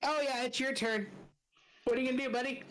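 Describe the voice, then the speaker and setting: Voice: high voice, fairly even intonation, fast, fairly bright tone, low-quality recording. A dungeon master running a casual tabletop game, playful and laughing at the players' bad luck, breaking into monster growls.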